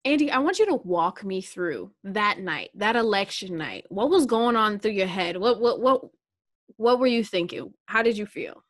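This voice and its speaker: A young woman co-hosting a casual chat, telling a story in an animated, joking way. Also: mid-range voice, moderate pace, dry recording, studio quality.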